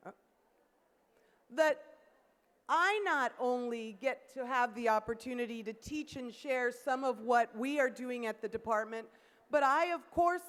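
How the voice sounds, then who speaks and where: High-voiced woman speaker in a reverberant hall. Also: a bit bright. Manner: upbeat, coaxes the audience to call out. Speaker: keynote speaker. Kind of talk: interactive conference keynote. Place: large conference hall.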